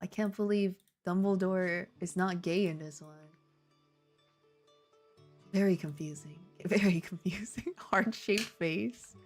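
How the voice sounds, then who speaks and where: A woman's voice: on the low side, steady tone, slow, soft background music. A young woman hosting a comedic fanfic read-through, dropping incredulous, laughing asides between passages. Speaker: host reading fanfic aloud. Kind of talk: comedic reading and commentary.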